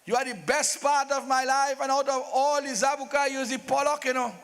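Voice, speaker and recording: A man's voice: very high voice, flat delivery, a bit bright, in a large hall. A man voicing a lovesick old king who pleads desperately with his queen. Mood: pleading. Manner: pleading, drawn-out endearments.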